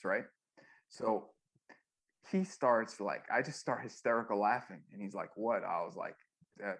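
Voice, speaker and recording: A man's voice: fairly low pitch, vocal fry, a bit bright, slightly rough. A man, a former music manager, telling rambling stories with many fillers in a casual interview.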